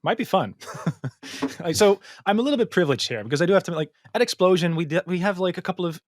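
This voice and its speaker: A man's voice: high-pitched, lively intonation, fast talker, no echo, clean studio sound. A man in a casual podcast conversation, explaining ideas thoughtfully with many ums, likes and restarts. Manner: hesitant, many fillers and restarts. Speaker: guest, machine learning engineer.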